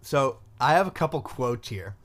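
A young man co-hosting a casual movie podcast, his voice at an ordinary middle pitch. He sounds relaxed and slangy and drops "like" into almost every thought. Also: normal speed. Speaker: podcast co-host.

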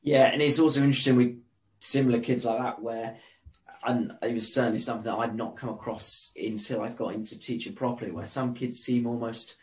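A man hosting a podcast, asking thoughtful questions with many pauses and ums. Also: medium pitch, steady tone, rough recording. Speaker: podcast host. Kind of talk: interview questions.

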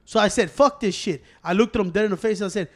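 A man's voice: high-pitched, fast talker. A man in casual chat, telling a profane story and acting out what he and others said. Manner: profane storytelling, acts out own quotes.

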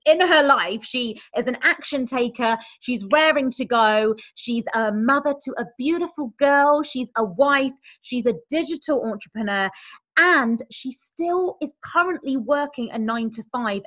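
A woman hosting an interview podcast, speaking in an enthusiastic, chatty way with quick restarts. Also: on the high side, a bit bright. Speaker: podcast host. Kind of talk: upbeat interview chat. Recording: dull lo-fi audio.

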